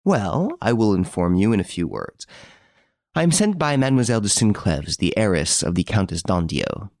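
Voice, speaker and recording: A man's voice: on the low side, big pitch swings, normal speed, darkish tone, dry recording. A man voicing a hard, precise ex-detective. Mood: cold, assured. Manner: dry, hard, firm and precise. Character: cool, menacing middle-aged male ex-detective.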